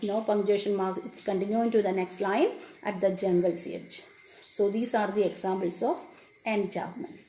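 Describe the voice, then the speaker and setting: A woman teacher, explaining a poem to children and repeating each definition slowly. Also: mid-range voice, warm tone. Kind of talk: classroom lesson on a poem. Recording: echoey room with faint background noise.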